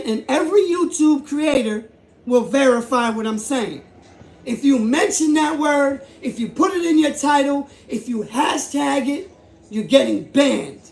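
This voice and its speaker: A man with a high, gravelly voice delivers a heated commentary vlog. He hammers his points by repeating himself and raising his voice. The sound is roomy and echoing. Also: lively intonation, measured pace. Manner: emphatic, repetitive, rising to shouts. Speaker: YouTube host. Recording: echoey room.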